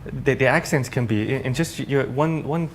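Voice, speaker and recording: A man's voice: medium pitch, moderate pace, a little hiss or hum. Easygoing American man, stammering chat. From New York City, USA. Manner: easygoing, stammering restarts, laughs often. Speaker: TV morning show co-host. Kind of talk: casual studio chat.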